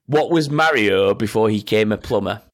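A man's voice: fairly low pitch, animated, moderate pace, vocal fry. A man hosting a casual quiz with friends, reading out questions and making sarcastic, sweary asides. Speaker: quizmaster.

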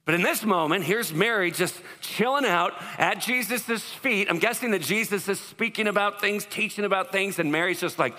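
Bright-voiced preacher in a reverberant hall. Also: male voice, high-pitched, moderate pace, few pauses. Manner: conversational, joking, asks the crowd questions. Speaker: pastor. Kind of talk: sermon. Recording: long reverb of a large hall.

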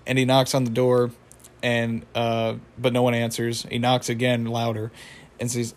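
Young guy rambling thru an episode recap, kinda flat delivery, lots of um and like. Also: mid-range voice, normal speed. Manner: rambling, many fillers, chuckles at the plot. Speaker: show recapper.

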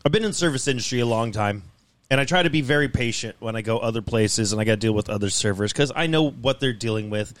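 A young man rants on his podcast in an exasperated, casual way. He swears almost every sentence as he tells a long story. His voice sits at an ordinary middle pitch. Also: quick pace. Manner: profane, exasperated ranting. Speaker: podcast host. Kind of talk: casual ranting podcast chat.

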